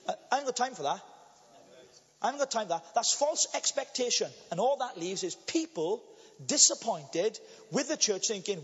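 A blunt, impassioned Welsh man preaching from a church pulpit, his unusually high voice leaping up and down as he drives his points home. The sermon echoes with a long church reverb, and the recording is dull and lo-fi. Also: animated, normal speed, slightly rough. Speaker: pastor.

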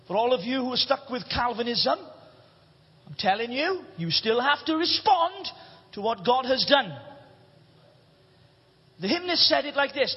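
A Welsh man preaching a sermon, impassioned, swinging between shouting and hushed delivery. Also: extremely high pitch. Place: church hall. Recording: reverberant hall, dull lo-fi sound.

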